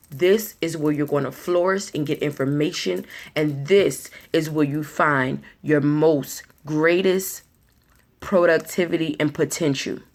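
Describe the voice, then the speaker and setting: Low-voiced woman giving motivational talk. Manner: earnest, repetitive, restarts words often; acts out anxious inner voices in quick asides. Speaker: motivational speaker.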